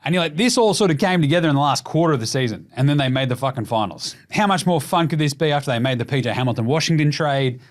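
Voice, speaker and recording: A young Australian man hosting a casual sports show, sweary and jokey as he rattles through his takes. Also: on the high side. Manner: fast, sweary, jokey, animated. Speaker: podcast host.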